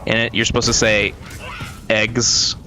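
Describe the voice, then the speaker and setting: A man's voice: medium pitch, expressive, normal speed, over music. A man from Florida streaming a game and chatting casually, rambling and self-mocking, often trailing off mid-sentence. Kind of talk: casual chat while gaming.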